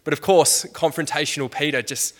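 A man's voice: on the high side, steady tone, brisk, fairly bright tone. A man preaching a sermon in a conversational way, with frequent restarts and rhetorical questions.

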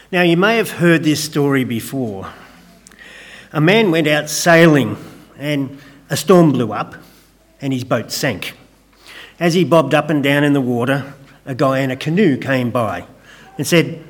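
A man preaching a sermon, gentle and conversational with light humor, praying in a soft, hushed way. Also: mid-range voice, lively intonation, a little slow, pauses often. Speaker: pastor.

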